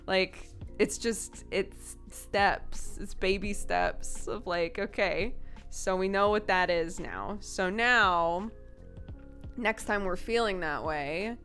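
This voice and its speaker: A woman's voice: medium pitch, takes it slowly, a bit bright, faint music behind. A woman in her thirties, a streamer chatting casually and candidly, swearing freely and laughing often. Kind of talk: casual chat.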